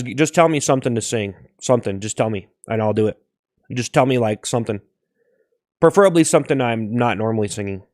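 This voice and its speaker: A man's voice: medium pitch, a little mellow, no echo, studio quality. A man streaming live, reading out viewer gifts and improvising goofy joke songs. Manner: silly, improvising goofy song lyrics. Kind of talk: improvised joke singing on a livestream.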